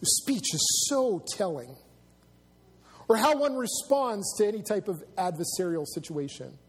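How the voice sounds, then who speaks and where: A man's voice: high-pitched, animated, measured pace, husky, in a large hall. A man preaching a sermon as pastor, in a conversational way with asides to the congregation. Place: church sanctuary.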